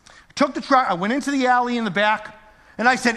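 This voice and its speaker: A man preaching a storytelling sermon, swinging from quiet asides to near-shouting. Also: very high voice, quick pace, gravelly. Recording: echoey large hall.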